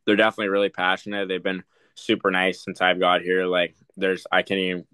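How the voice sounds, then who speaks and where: A man's voice: low voice, completely flat delivery, a little fast, sharp tone, clean tone, dry recording. A young man, a hockey prospect, answering interview questions casually, with many fillers and restarts. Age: young adult.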